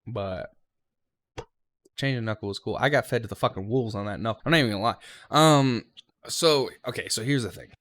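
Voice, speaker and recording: A man's voice: lowish voice, a little fast, a bit bright, no room sound. A young man, a railroad conductor trainee, giving a rambling, casual vlog recap of his training week and swearing freely.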